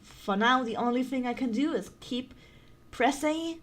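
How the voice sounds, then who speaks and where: A woman's voice: high voice, unhurried. A woman from Germany with a German accent, streaming a game with playful, giggly commentary and frequent swearing. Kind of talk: casual gaming commentary.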